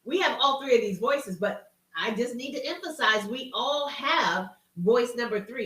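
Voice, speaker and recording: A woman's voice: fairly high pitch, animated, moderate pace, fairly bright tone, far from the mic. Woman host in a roomy space. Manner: reads out chat names, folksy and encouraging. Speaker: live-stream host and coach. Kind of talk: casual live-stream talk. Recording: roomy sound from off-mic.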